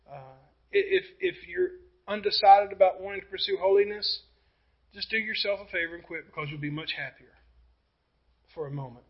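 A pastor preaching a sermon, emphatic, with rhetorical questions and passages that drop to quiet intensity. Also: male voice, sits high, normal speed, breathy edge, highs cut off.

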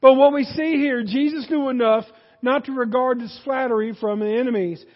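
A man preaching a sermon, animated, rising in force and then dropping low for emphasis. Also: normal speed, in a large hall, highs cut off. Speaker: pastor.

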